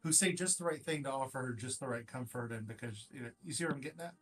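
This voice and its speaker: A man chatting casually as a player at a tabletop game, halting with many fillers. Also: medium pitch, a bit bright.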